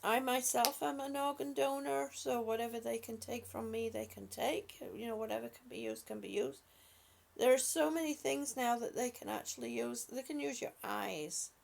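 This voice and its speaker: A woman hosting a live stream, speaking softly and affectionately to her viewers with halting, repeated words. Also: a little high, gravelly. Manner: soft, affectionate, calls viewers honey and sweetie. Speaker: livestream host reading viewer comments. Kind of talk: slow casual live chat.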